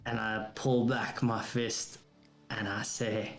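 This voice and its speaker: A man's voice: lowish voice, flat delivery, slow pace, a bit bright, soft background music. A man playing a tabletop game, hesitantly describing his character's actions in plain first person. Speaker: player.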